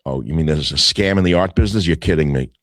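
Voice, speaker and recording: A man's voice: a bass voice, fast, no echo. An older man hosting a talk radio show, reading headlines aloud and answering each with sarcastic, scornful asides.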